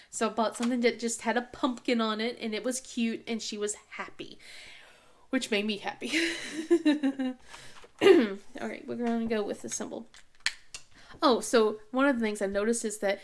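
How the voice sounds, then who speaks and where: Chatty Southern woman with a twang, higher voice. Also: measured pace, long pauses. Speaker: crafting vlogger. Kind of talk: casual chat while diamond painting.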